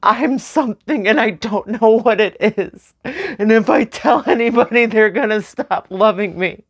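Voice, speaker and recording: A young woman speaking slowly and tearfully in a personal memorial vlog, with soft nervous laughs. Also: a little high, animated, lo-fi sound. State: crying. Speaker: vlogger.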